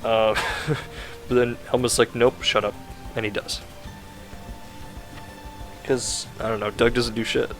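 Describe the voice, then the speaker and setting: A man's voice: medium pitch, flat delivery, takes it slowly, long pauses, faint music behind. A man casually rambling through a recap of a video game plot, full of "like" fillers and self-corrections.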